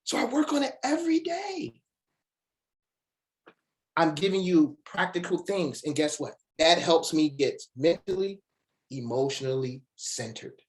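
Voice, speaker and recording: A man giving a motivational webinar talk, animated and direct with the audience, slowing to stress single words with dramatic pauses. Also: a little high. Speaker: motivational speaker.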